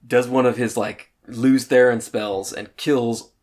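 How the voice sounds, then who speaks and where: A man's voice: mid-range voice, steady tone, takes it slowly, darkish tone. Chatty man co-hosting a book podcast. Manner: chatty, laughs often, trails off searching for words. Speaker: podcast co-host. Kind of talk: casual book discussion.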